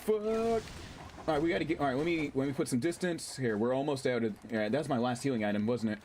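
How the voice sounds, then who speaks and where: A man casually commentating his gameplay on a stream, excitable, swearing, laughing and reading chat aloud. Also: mid-range voice, brisk, a little hiss or hum.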